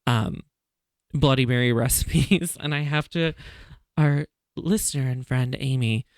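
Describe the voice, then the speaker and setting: A man hosting a casual chat podcast, telling stories in an animated way and laughing often. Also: medium pitch, measured pace, no room sound, clean studio sound. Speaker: podcast host.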